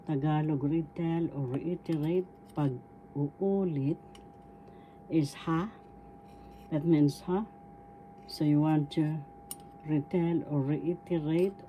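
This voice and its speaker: A middle-aged woman teaching a language slowly and patiently, breaking words into syllables, her voice still low and husky from a cold. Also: muffled recording, a little hiss or hum. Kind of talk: slow spoken language lesson. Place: at home indoors, diffuser running.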